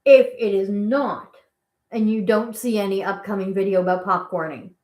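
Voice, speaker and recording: A woman's voice: mid-range voice, steady tone, moderate pace, a little mellow. A woman hosting a casual live stream, chatting and rambling as she answers viewer questions. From Canada. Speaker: guinea pig channel host. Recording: echoey room.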